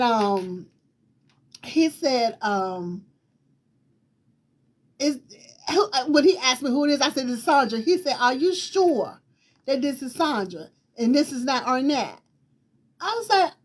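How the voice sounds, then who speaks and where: A high-voiced woman host, telling her own story in a casual, lively way. She has a distinctive voice and keeps repeating herself and acting out what people said. Her talk wanders and loops back. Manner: animated, repetitive retelling with quoted dialogue and laughter.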